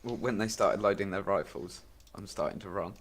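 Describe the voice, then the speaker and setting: A man's voice: lowish voice, a little fast, breathy edge. Dry-joking man. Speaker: player. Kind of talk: casual tabletop role-play chat.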